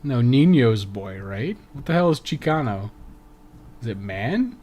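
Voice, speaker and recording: A man's voice: medium pitch, sing-song, measured pace, a little mellow. A man streaming a video game live, reading the on-screen text aloud and swearing often.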